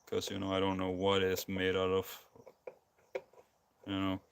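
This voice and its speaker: Deep-voiced and monotone, a tired streamer with a Scandinavian accent builds a guitar live, rambling unhurriedly with lots of ums and restarts. Vocal fry colors his speech. His basic, non-professional mic adds a little hiss or hum.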